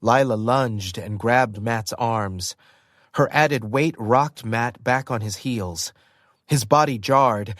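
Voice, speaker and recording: Guy reading an audiobook, expressive storyteller, mid pitch, dry studio mic. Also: no echo. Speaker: audiobook narrator. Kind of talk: first-person audiobook narration.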